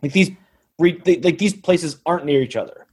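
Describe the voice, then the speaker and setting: A man's voice: fairly high pitch, fairly quick, a little mellow, a little hiss or hum. A man co-hosting a podcast, telling a rambling story in casual chat. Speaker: podcast co-host.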